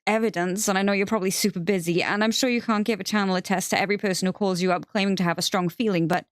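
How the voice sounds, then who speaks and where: A woman's voice: mid-range voice, steady tone, very fast, no echo, clean studio sound, natural voice. A woman voicing a nervous seventeen-year-old boy who stammers and halts, unsure of himself, in an audiobook reading. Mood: anxious.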